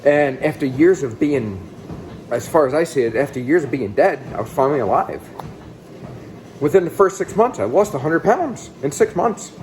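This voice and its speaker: Animated man in his thirties telling his story. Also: moderate pace, a little hiss or hum, poor audio. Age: 30s. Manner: animated, swings between excited outbursts and low asides; blunt and casual, with some swearing. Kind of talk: candid personal storytelling.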